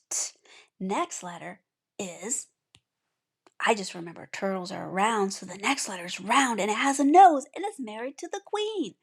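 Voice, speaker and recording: A woman leads a children's alphabet lesson in a soft, breathy voice. She encourages the learner patiently and repeats each letter sound slowly. Her pitch sits in a middle range. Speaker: teacher.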